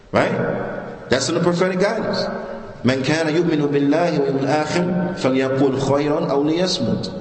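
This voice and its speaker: A man giving a religious lecture in a mosque, talking informally, animated, and quizzing the audience with rhetorical questions. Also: on the high side. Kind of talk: sermon. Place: mosque prayer hall. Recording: echoey mosque hall.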